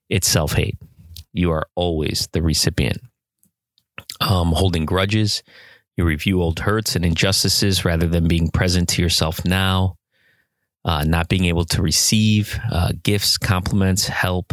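Deep-voiced man reading aloud to an audience. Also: dry recording. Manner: measured, listing items with fillers. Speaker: speaker reading from a book to an audience. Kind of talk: reading excerpts aloud in a talk.

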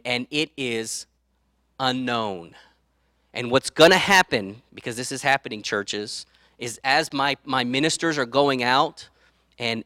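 Pastor guy giving a sermon, bright punchy voice, dry close sound, keeps asking right?. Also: medium pitch, no echo. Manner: conversational, tag questions to the audience; acts out quoted speech.

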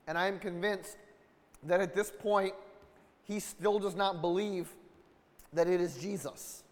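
A man preaching with a high voice, earnest and building in intensity, acting out the lines of the people in the story. His voice rings through a hall with a long reverb tail. It sounds like a sermon given in a church. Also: fairly even intonation, measured pace. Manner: earnest, building intensity, acts out quoted dialogue.

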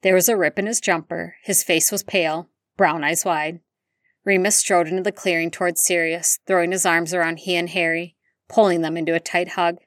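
A woman reading fan fiction aloud in steady, even narration. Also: on the low side, moderate pace, no room sound, studio quality. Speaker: audiobook reader.

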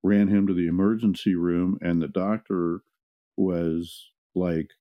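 A man's voice: sits low, little pitch movement, a little slow, no room sound. A man co-hosting a parenting podcast, agreeable and rambling as he tells stories in casual conversation. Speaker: co-host, parent. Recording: slightly muffled, dull sound.

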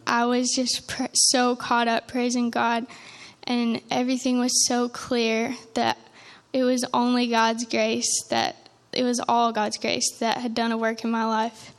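A young woman telling an emotional church testimony, earnest and halting, with frequent restarts. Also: a little high, completely flat delivery. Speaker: testimony speaker.

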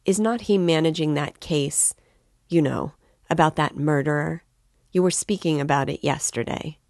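A woman's voice: low voice, moderate pace, a little mellow, dry recording, clean studio sound. A woman reading as a troubled young man. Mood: urgent.

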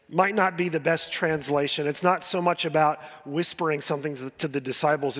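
A man preaching a sermon as pastor, earnest and pleading, often dropping to a soft voice and repeating words as he builds. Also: on the high side. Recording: long hall reverb.

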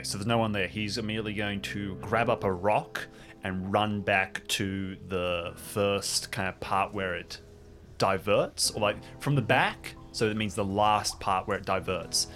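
A man's voice: on the low side, fairly even intonation, normal speed, a bit bright, faint music behind. A young man playing a tabletop game, thinking aloud as he describes his character's actions. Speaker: player. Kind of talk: casual tabletop game play.

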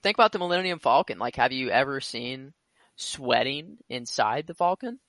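A man's voice: medium pitch, expressive, moderate pace, a bit bright, no echo. A man co-hosting a casual podcast, chiming in with amused asides. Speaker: podcast co-host. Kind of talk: casual chat.

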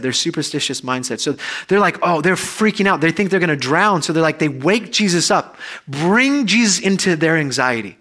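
A man, a pastor, preaching a conversational sermon that swells loud and high, then drops soft and low. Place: church.

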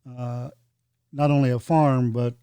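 A man from North Carolina co-hosting a podcast, talking in a relaxed, unhurried way. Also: mid-range voice, smooth, dry recording. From North Carolina, USA. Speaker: podcast co-host. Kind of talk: casual chat.

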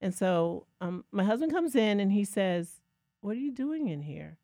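A woman co-hosting a podcast, telling a lively personal story in a casual, self-mocking way. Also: medium pitch, moderate pace, dry recording, studio quality. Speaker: podcast co-host.

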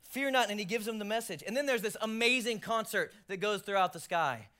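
A male pastor preaching a sermon, swinging from loud emphasis to hushed near-whispers, with jokey self-deprecating asides. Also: high voice, a little fast.

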